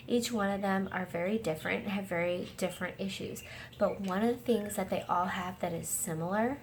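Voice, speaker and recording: A woman's voice: medium pitch, a little hiss or hum. A woman hosting a casual home video discussion, earnest and enthusiastic, now and then acting out scenes in quoted voices. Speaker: host discussing a series.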